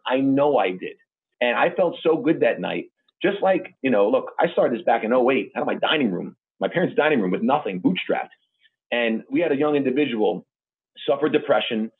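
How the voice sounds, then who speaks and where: Fast-talking man host on a tinny line. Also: mid-range voice, slightly rough. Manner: gushing, emotional storyteller. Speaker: podcast host. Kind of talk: interview podcast chat.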